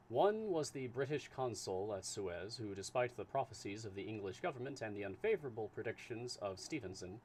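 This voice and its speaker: Casting: low-pitched male storyteller, steady reader, faint background hum. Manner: plain, steady narration. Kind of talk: live reading of a classic novel.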